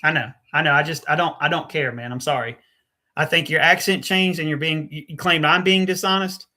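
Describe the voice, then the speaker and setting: A man's voice: a little high, fairly even intonation, a little fast, sharp tone. A man hosting a live call-in debate. He presses callers, repeats his phrases and cuts in. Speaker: debate host.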